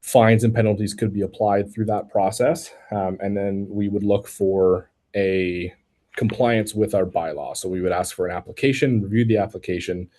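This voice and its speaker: A man's voice: fairly low pitch, steady tone, normal speed, dark tone. A man from the city staff answering residents' questions at an online public meeting, careful and technical, often restarting his sentences with "um".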